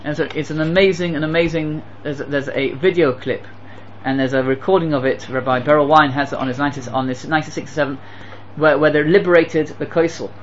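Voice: mid-range voice, fairly even intonation, fast talker, few pauses, muffled recording, slight background noise. A Torah teacher giving an impassioned sermon, telling stories and pressing rhetorical questions with emphatic repetition. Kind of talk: sermon with storytelling.

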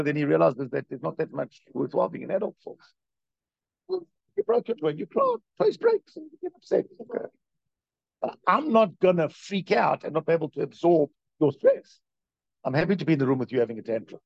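A man gives a conversational religious class, his voice gravelly and lively as it swings up and down. He keeps asking his listeners questions and tells stories to make his point. The recording is dry and a bit dull and lo-fi. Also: a little high, no room sound. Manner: talks straight to listeners with frequent questions. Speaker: teacher of a Jewish religious class. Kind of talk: conversational lecture with storytelling.

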